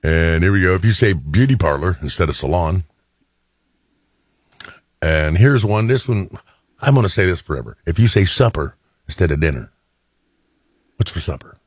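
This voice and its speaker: A middle-aged male radio host with a very deep, slightly husky voice. He chats casually, telling little stories and acting out quotes. The sound is dry and close. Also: lively intonation, moderate pace, long pauses, dry recording. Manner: chatty storyteller, quotes people in changed voices. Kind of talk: casual on-air banter.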